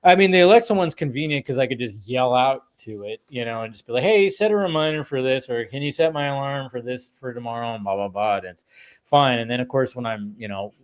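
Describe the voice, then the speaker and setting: A man hosting a podcast, chatting casually in a rambling, animated way and swearing freely. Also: medium pitch, fast talker. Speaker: podcast host. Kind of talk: casual chat.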